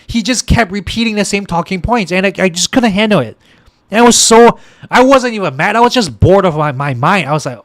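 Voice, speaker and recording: High-voiced exasperated male political ranter. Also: fairly bright tone, no echo. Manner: exasperated, repetitive, stumbling restarts. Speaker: political podcast host and livestreamer. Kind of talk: ranting political commentary to a stream audience.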